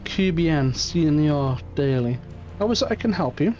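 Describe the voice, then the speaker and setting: Man doing a romantic Spanish fishmonger, put-on Spanish accent, higher voice, muffled sound. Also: moderate pace, darkish tone, close to an everyday voice. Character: lovesick male Spanish fishmonger, flamboyant and romantic. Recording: muffled stream audio, faint music.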